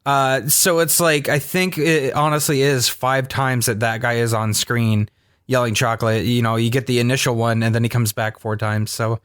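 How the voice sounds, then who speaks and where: A man's voice: mid-range voice, normal speed, clean tone, no room sound. Man, podcast co-host, casual chat, thoughtful, restarts sentences, dry close recording. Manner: relaxed, thoughtful, repeats words when starting.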